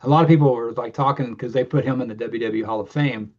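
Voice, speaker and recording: A man chats on a casual podcast, wandering from point to point and restarting his sentences. His pitch is mid-range. The sound is dull and lo-fi. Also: steady tone, fast. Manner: rambling, restarts thoughts. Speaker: podcast co-host. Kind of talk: casual chat.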